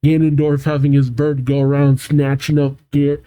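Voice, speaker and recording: A man's voice: a little high, monotone, moderate pace, mellow, clear, resonant tone, muffled recording. A man hosting a reaction video, reading a comic aloud with amused, chatty asides.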